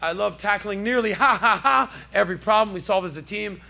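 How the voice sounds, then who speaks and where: A man's voice: high-pitched, fairly quick, gravelly, sharp tone. A man hosting a casual pop-culture podcast, riffing in a brash, jokey, salesman-like way from a podcast studio. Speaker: podcast host.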